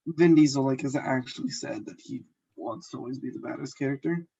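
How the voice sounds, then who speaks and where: A man's voice: mid-range voice, fairly quick, creaky, warm tone, husky. A man co-hosting a casual movie podcast, giving blunt opinions and swearing freely. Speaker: podcast co-host. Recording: dull lo-fi mic.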